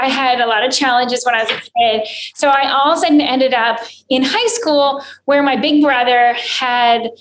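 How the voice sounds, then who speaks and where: A woman host sharing a personal story in a hesitant, casual way, with pauses and fillers. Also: on the high side, a bit bright. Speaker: podcast host. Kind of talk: casual conversation. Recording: echoey room with faint noise.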